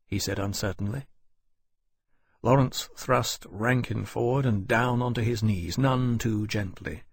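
A man reading fiction aloud in a measured, even storytelling manner. His voice is husky and fairly low, close-miked and dry. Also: dry recording. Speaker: audiobook narrator. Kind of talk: scripted narration.

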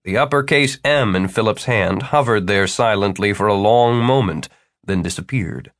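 A man narrating a fantasy novel with expressive storytelling. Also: lowish voice, normal speed, no echo, clean studio sound. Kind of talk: scripted audiobook narration.

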